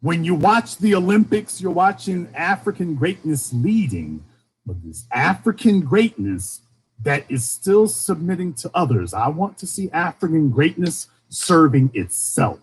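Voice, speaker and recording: A high, husky-voiced man with a faint Southern accent delivers a passionate solo monologue on a stream. He presses his point through repeated rhetorical questions, his pitch swinging widely from line to line. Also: big pitch swings, measured pace. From Shreveport, Louisiana, US. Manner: rhetorical, repeating questions, rising and falling emphasis. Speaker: commentator.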